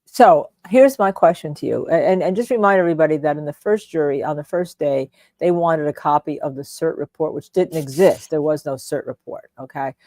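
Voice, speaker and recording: A woman's voice: low voice, brisk, hardly any pauses, dark tone, dry recording. A woman co-hosting a live trial-watch show, a lawyer talking in a loose, rambling way with many fillers. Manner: rambling, heavy on fillers and restarts. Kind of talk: casual chat.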